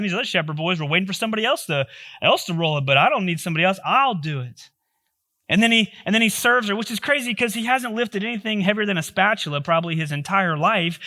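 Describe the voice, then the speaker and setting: A man's voice: sits high, lively intonation, fast, sharp tone. A male pastor giving a sermon, telling a story in a joking, conversational way.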